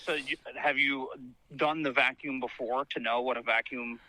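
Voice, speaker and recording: A man's voice: medium pitch, steady tone, moderate pace, sharp tone, rough recording. A man co-hosting a podcast, asking dry, teasing follow-up questions in a casual chat. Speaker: podcast co-host.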